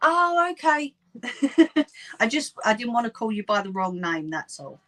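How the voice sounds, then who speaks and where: Working away on a live sewing chat, this Cockney host talks to her viewers and laughs a lot. She's medium-pitched, fairly quick and fairly bright in tone, though the recording quality is low.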